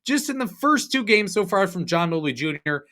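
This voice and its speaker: A young man hosting a sports podcast, ranting in an animated, sarcastic, exasperated way. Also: high voice, normal speed. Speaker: podcast host. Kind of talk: opinionated sports podcast rant.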